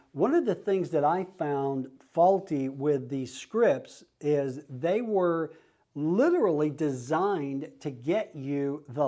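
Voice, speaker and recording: A man's voice: fairly high pitch, mellow. A middle-aged man, teaching real estate agents how to cold call, acting out friendly, familiar phone greetings. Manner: acts out friendly phone calls in a casual, familiar tone. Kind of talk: instructional talk.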